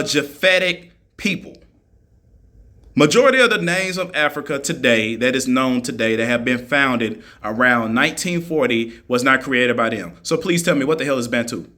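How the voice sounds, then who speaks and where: A man's voice: medium pitch, expressive, moderate pace, bright, forceful tone. A man ranting on a live stream, mocking his listeners and firing the same rhetorical questions at them again and again. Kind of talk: argumentative live-stream rant.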